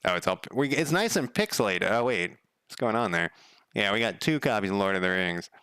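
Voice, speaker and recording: A man's voice: lowish voice, lively intonation, brisk, bright, forceful tone, clean tone, no room sound. A man live-streaming while he codes a game, chatting casually in a rambling, profane way and counting under his breath. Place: home room.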